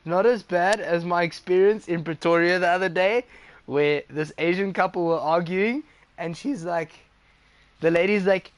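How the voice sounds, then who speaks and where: A man's voice: high voice, moderate pace. A young man talks loosely over his gameplay stream. He swears freely and breaks into laughter often. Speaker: gaming streamer. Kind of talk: casual stream chat.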